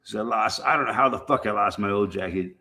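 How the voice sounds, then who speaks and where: A middle-aged livestream host with a fairly low voice rambles casually to his viewers at a quick pace and with a sharp tone. He swears freely, circling back and repeating himself as he chats.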